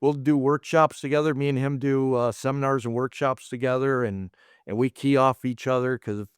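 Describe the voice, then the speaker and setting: This middle-aged American martial arts instructor speaks a little fast at medium pitch, with fairly even intonation and a clear, resonant tone. He casually rambles through anecdotes and acts out quoted lines, captured in clean studio sound with no room sound.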